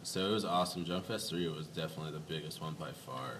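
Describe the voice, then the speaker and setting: A man's voice: rumbling low, quick pace. A young man from a band, chatting casually in an interview, laid-back and laughing often. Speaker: band member guest. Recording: distant mic with noise.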